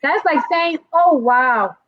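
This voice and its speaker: A woman with a Liberian accent hosting a casual talk show, animated and laughing as she teaches slang phrases. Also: high voice, slow, a little hiss or hum. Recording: dull, dry lo-fi sound.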